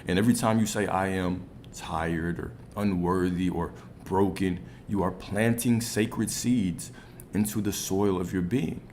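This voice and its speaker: Deep-voiced man teaching spiritual lessons. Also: fairly even intonation, measured pace, darkish tone, a little hiss or hum. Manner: conversational, many rhetorical "right?" checks. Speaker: spiritual coach.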